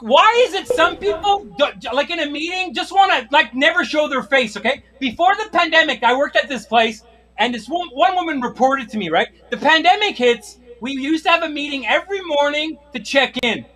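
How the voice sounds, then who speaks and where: Middle-aged guy doing standup, ranting and swearing, real high bright voice. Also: lively intonation, fairly quick. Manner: exasperated ranting, frequent swearing. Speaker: stand-up comedian. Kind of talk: stand-up routine. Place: comedy stage.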